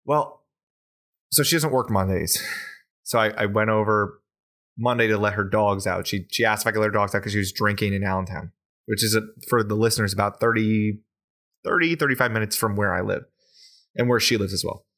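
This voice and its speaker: A man's voice: lowish voice, brisk, a bit bright. A man co-hosting a podcast, casually telling a long story and swearing now and then. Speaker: podcast co-host. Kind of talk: casual chat.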